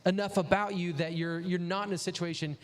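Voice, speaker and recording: A man with a notably high voice hosts a casual chat, giving practical advice and playing out little quoted dialogues. A long reverb hangs on the voice. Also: steady tone, fairly quick. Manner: advisory, acts out quoted dialogue. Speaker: host.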